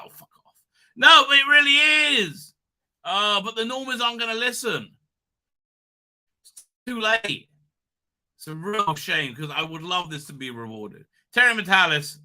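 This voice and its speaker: A man with a croaky voice from being sick, hosting a rambling casual livestream. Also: fairly high pitch, pushed and bright. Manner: rambling, many restarts and fillers. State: hoarse from illness. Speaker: livestream host.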